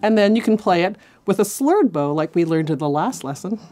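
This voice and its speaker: A woman's voice: lowish voice, expressive, fairly quick. A woman teaching a cello lesson, counting beats aloud and encouraging her students. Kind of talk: instructional lesson. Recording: cello playing behind. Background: faint cello music.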